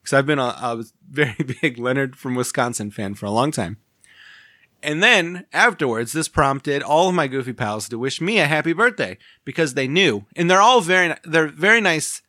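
A man's voice: fairly high pitch, expressive, normal speed, pushed and bright, no echo, clean studio sound. Man giggling through rambling podcast chat. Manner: laughs often, rambling and self-amused. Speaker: podcast co-host.

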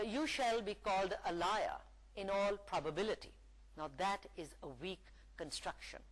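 Slow, lilting woman lecturer. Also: mid-range voice, poor audio. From Pakistan. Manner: slow, deliberate, reading example sentences aloud. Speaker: university English lecturer. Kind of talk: recorded lecture.

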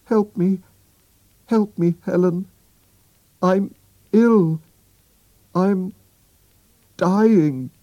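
A man reading a storybook aloud, voicing a frightened young woman in a high, pleading voice. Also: sing-song, a little slow, long pauses, dark tone, slightly rough, no room sound, dull audio. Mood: terrified.

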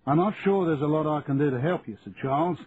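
A man's voice: on the high side, quick pace, pitched above the performer's own voice, lightly acted. A man playing a brash middle-aged police chief. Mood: gruff. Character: 47-year-old prickly, brash police chief. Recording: tinny lo-fi audio with faint hiss.

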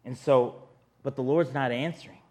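A man's voice: mid-range voice, fairly even intonation, moderate pace, dark tone. A man preaching a sermon in an earnest, conversational way, often speaking straight to his listeners.

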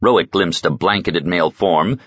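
A man narrating an audiobook in a dry, measured storytelling manner. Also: sits low, slightly rough, no echo, lo-fi sound. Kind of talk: scripted narration.

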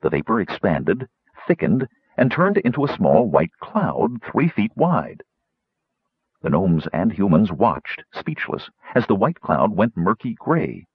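A man narrating a fantasy story in an expressive reading voice. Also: fairly low pitch, a little slow, slightly rough, dry recording. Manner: expressive, voicing many characters. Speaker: audiobook narrator. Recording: dull lo-fi audiobook recording.

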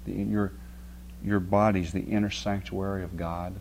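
A man's voice: low-pitched, flat delivery, a little slow, vocal fry, darkish tone, a little hiss or hum. A man preaching a sermon, telling a homely story and often checking with his listeners. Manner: folksy storytelling with rising emphasis and frequent "right?" checks. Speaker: pastor.

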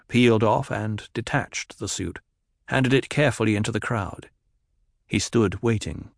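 A man narrating an audiobook in a steady, even reading. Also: lowish voice, vocal fry, no echo, studio quality.

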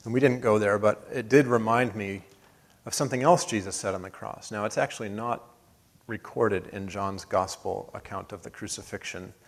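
Male pastor, lower pitch, earnest sermon delivery with rising emphatic swells and soft drops. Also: steady tone, moderate pace. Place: church sanctuary.

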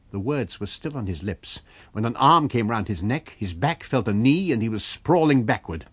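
A man narrating a novel in a measured storytelling manner. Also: mid-range voice, lively intonation, slightly rough, dry recording. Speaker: audiobook narrator. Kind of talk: scripted narration.

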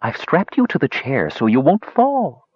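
A man's voice: medium pitch, wildly swooping pitch, moderate pace, slightly rough, dry recording. A man voicing a frail old witch woman who dotes tenderly and gushes, in a slightly muffled recording. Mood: doting. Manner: tender, gushing.

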